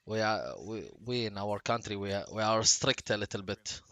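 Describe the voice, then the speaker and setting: Man chatting on stream. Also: fairly low pitch. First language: Arabic. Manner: relaxed, chatty, halting non-native English. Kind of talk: casual live-stream chat.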